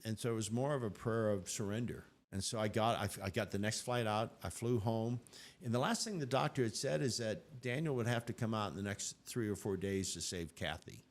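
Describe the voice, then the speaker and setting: An older man, a guest on an interview show, telling his story in an animated way and acting out what people said. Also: on the low side, a little fast.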